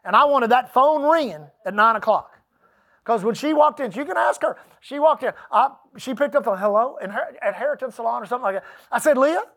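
Folksy pastor preaching, high voice. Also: male voice, animated, fairly quick, a bit bright. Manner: storytelling, folksy and emphatic, with laughs and asides to the congregation. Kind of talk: sermon.

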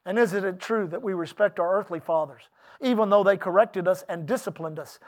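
A man's voice: high voice, a little fast. A middle-aged man preaching a sermon, telling a personal story in a folksy, emphatic way with asides to the congregation. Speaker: pastor.

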